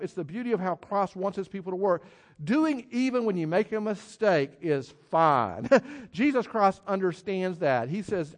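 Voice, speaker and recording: A middle-aged man preaching a sermon as pastor, conversational, with frequent laughs and restarts. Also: sits high.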